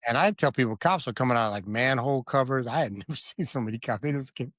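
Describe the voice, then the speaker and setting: A man's voice: mid-range voice, fast, a bit bright, no room sound. A man guesting on a podcast, telling a hard personal story in a candid, vivid way and often stopping to check the listener.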